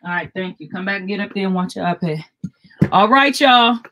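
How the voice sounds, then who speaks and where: A woman's voice: mid-range voice, animated, fairly quick, fairly bright tone. An older woman hosting a live jewelry sales stream, chatting with viewers and repeating item codes.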